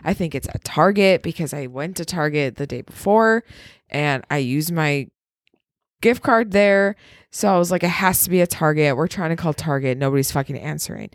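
A woman's voice: low voice, moderate pace, dry recording, studio quality. A young woman co-hosting a podcast, telling a story in casual chat, swearing freely. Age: young adult. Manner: swears freely, animated retelling with laughs. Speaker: podcast co-host.

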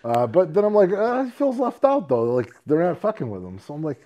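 Man, podcast co-host, somewhat high voice, laughing, swearing, tipsy storytelling. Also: sing-song, fairly quick. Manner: rowdy storytelling, acts out quotes loudly, laughs a lot, swears freely. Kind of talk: casual chat.

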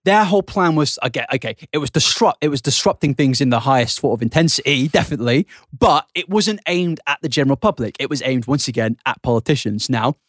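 A man's voice: mid-range voice, lively intonation, fast, hardly any pauses, no echo, studio quality. A young man co-hosting a podcast, rambling and sweary, laughing often through casual banter. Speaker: podcast co-host.

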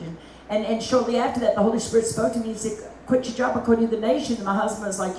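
A middle-aged woman evangelist gives a lively testimony sermon, full of folksy asides. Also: a little high, fast talker, a little hiss or hum. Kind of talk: testimony preaching. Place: church meeting hall. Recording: echoey hall, mic at a distance.

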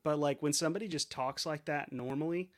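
A man's voice: fairly high pitch, a little fast. Rambling, foul-mouthed podcast man. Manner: rambling, profane, restarts a lot. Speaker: podcast co-host. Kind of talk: casual chat.

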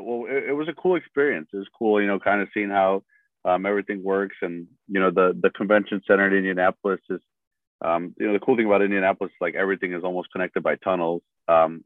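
A man's voice: low-pitched, dry recording. Man on a tinny phone line. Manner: rambling, filler-heavy storytelling. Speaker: sports reporter. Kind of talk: casual podcast chat.

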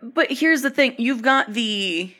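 A woman with a light Southern drawl co-hosts a casual podcast chat, blunt and quick to swear. Her voice is bright and sharp. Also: fairly high pitch, expressive. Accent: subtle Southern US drawl. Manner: blunt, profane banter.

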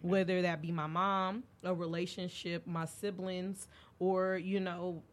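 A young woman hosts a podcast, speaking at a measured pace in a fairly low voice. She tells candid stories in casual conversation and gets animated when she acts out the quoted lines.

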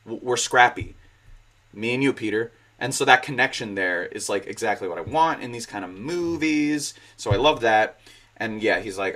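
Podcast host, twenties, male, bright tone, eager movie chatter. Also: fairly low pitch. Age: 20s. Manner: excitable, quick bursts of loud laughter. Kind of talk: casual movie discussion.

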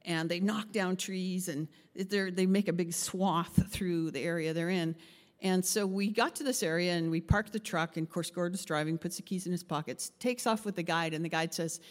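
Animated woman pastor in a reverberant hall. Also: fairly low pitch, a little fast. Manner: animated, acts out voices in her story, laughs often. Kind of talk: sermon with storytelling.

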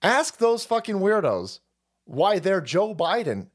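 A man's voice: sits high, sing-song, slow. Profane, sarcastic male streamer. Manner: profane, sarcastic, laughing often. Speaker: streamer host. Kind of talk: livestream commentary rant.

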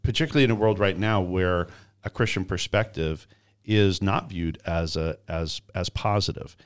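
A man hosting a podcast interview, telling a story in a lively way and acting out the quoted voices. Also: sits low, moderate pace, clear, resonant tone. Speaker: podcast host.

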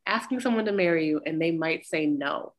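A woman co-hosting a casual chat, recapping a show in an animated, profane way and acting out lines with laughter. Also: low-pitched, fairly quick. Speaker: podcast co-host.

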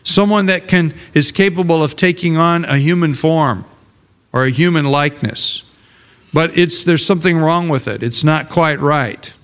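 A man's voice: a little high, moderate pace, a bit bright, clean tone, big-room sound. An older man and pastor preaching a conversational sermon, often repeating words as he searches for them.

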